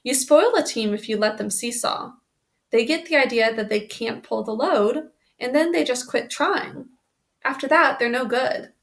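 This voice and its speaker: A stern, practical farm father, read by a woman in her own gravelly voice, handing out measured advice plainly and calmly. The storybook voice sits a little high. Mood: instructive.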